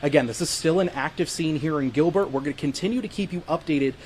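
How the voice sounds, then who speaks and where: Guy doing live tv news on location, crisp steady anchor-style delivery, a bit of faint street hum behind. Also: a little high, quick pace. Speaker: TV news reporter. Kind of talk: live field news reporting. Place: outdoors at news scenes.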